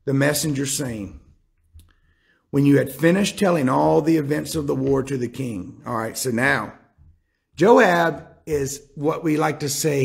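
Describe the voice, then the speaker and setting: A man's voice: medium pitch, vocal fry. A man preaching a sermon, retelling scripture and acting out the characters' words with rising intensity.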